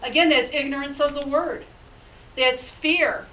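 Bright-voiced woman preaching a sermon. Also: sits high, fairly even intonation, a little slow, distant mic, a little hiss or hum, rough recording. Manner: emphatic, conversational preaching with asides and laughs. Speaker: pastor.

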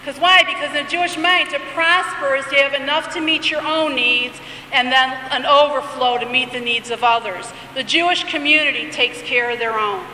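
A woman gives a teaching sermon in a high, bright voice. She alternates between reading prayers aloud and explaining them in a conversational way. The sound is echoey, with a long reverb and faint room ambience behind her. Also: moderate pace, distant mic, slight background noise. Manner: reads liturgy aloud then explains it conversationally. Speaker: Bible teacher.

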